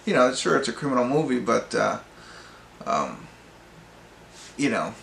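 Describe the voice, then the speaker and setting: Guy rambling thru a movie review, lots of ums, raspy edge, roomy echo, faint background hum. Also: mid-range voice, sing-song, unhurried, fairly bright tone. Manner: rambling, hesitant, many fillers and restarts. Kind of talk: casual spoken movie review. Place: pub.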